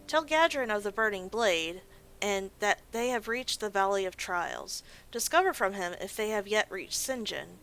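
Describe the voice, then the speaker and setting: Woman doing a serious orc lady handing out orders, bright voice, doom and gloom. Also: mid-range voice, animated, normal speed, poor audio. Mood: ominous. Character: grave orc woman giving orders, foreboding.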